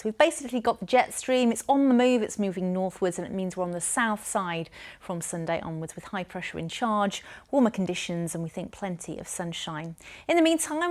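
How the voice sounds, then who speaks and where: A woman weather presenter talks through the forecast in a chatty, upbeat manner. Her voice sits in a middle pitch.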